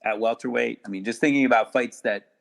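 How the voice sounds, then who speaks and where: A man talking casually as a podcast guest, halting with many restarts and fillers. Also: medium pitch, fairly even intonation, gravelly. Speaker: guest attorney.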